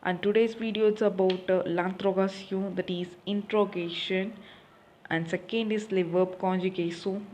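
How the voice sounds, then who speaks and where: A woman's voice: lowish voice, darkish tone, slight background noise. Woman teaching a lesson. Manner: asks and answers her own questions, repeats key points. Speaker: French teacher. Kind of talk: recorded classroom lesson.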